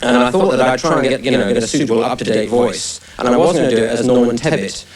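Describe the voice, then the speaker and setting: A man's voice: medium pitch, fast. A male stand-up comedian chatting with the audience in a rambling, self-deprecating way, full of restarts, on a TV studio stage. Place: TV studio stage under hot lights. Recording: echoey studio, distant mic. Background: studio audience laughing.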